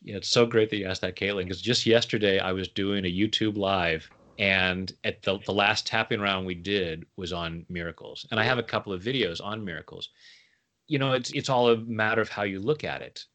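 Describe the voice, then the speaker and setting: A man chatting as an interview guest, playful and quick to laugh at his own jokes. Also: on the low side, a bit bright. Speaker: guest, tapping coach. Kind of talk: casual interview chat.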